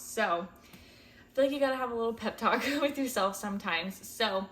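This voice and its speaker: A first-time mom in her twenties talks casually and candidly to camera, emotional and at times close to tears. Her mid-range voice is a bit bright and moves at normal speed, and her chatty speech is packed with "like" and "um."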